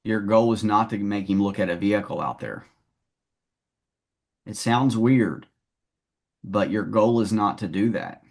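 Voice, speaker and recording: A man's voice: lowish voice, unhurried, vocal fry, long pauses. A man coaching a salesperson one-on-one, talking in a confident, direct way.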